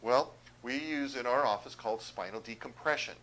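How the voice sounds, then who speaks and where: A man's voice: mid-range voice, normal speed, a bit bright, low-quality recording. A man speaking as a chiropractor, giving a direct, persuasive health talk and often asking the audience questions. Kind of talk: health seminar talk to viewers.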